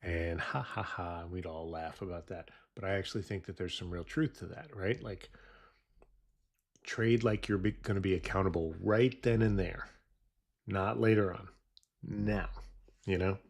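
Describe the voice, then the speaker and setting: A man's voice: low voice, fairly even intonation, moderate pace, creaky, long pauses, a little mellow. A man trading futures live and talking through trading psychology in a casual, rambling way with many fillers. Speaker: futures trader streaming live. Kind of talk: casual live-stream commentary.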